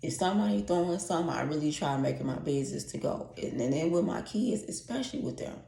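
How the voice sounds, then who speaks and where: A woman's voice: sits low, fast, creaky, warm tone, slight background noise. A woman in her late forties telling a candid story to her viewers, blunt and heartfelt, swearing freely and repeating her points. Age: late 40s. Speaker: vlogger. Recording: echoey room.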